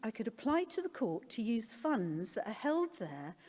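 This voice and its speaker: This middle-aged conference speaker is very animated, talking at normal speed in a slightly high, slightly mellow, husky voice. Her personal talk is candid and full of wry self-deprecation. It was recorded in a conference hall with the long reverb of a large space.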